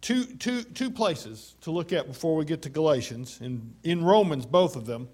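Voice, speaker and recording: A man preaching a sermon, slowing down to stress quoted scripture, with frequent "uh" fillers. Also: on the high side, expressive, darkish tone, breathy edge. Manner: measured and emphatic, slowing down on scripture; many fillers.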